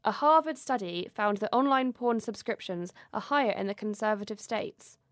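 A woman's voice: mid-range voice, expressive, normal speed, dry recording, clean studio sound. A woman co-hosting a podcast in casual chat, giggling often as she presents facts she has researched, recorded remotely over a video call. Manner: giggly, chatty, laughs through her facts.

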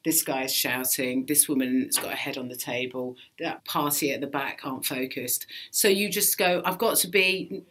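A woman comedian talking as a podcast guest, animated, swearing freely and often laughing. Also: rumbling low, moderate pace, hardly any pauses. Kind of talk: casual podcast interview.

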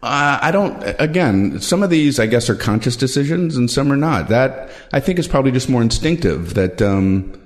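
A male stand-up comedian answering interview questions in a thoughtful, halting, self-deprecating way. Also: medium pitch, lively intonation.

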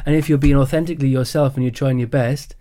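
An English man co-hosting a podcast, blunt and casually swearing in relaxed chat. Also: medium pitch, fast. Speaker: podcast co-host.

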